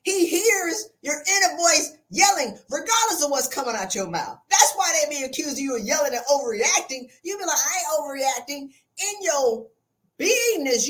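A woman's voice: very high voice, a bit bright. A blunt, emphatic woman giving a motivational talk, repeating her points. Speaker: motivational speaker.

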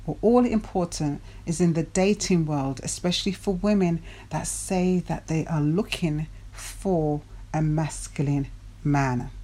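A woman who coaches on dating and self-development gives her viewers a motivational talk in a fairly low, mellow voice. She poses rhetorical questions and repeats key words for emphasis.

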